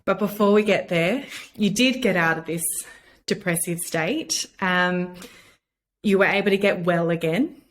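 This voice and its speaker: Gentle woman podcast host, lowish voice. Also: a little slow. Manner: gentle, supportive questions. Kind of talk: sympathetic interviewing.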